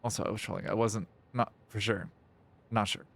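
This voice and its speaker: Gravelly, playfully dramatic male streamer. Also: on the low side, little pitch movement, a little fast, a bit bright. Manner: playfully dramatic, mock-whining at chat; reads chat messages aloud. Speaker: livestreamer. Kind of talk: casual gaming livestream chat.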